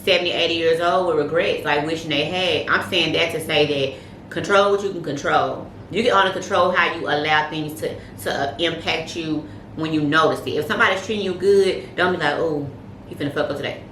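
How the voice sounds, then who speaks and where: Low-voiced woman giving blunt dating advice. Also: a little fast. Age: adult, past early heartbreaks. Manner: animated, slangy, giving advice with street metaphors. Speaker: podcast co-host. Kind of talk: casual chat. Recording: roomy room with faint noise.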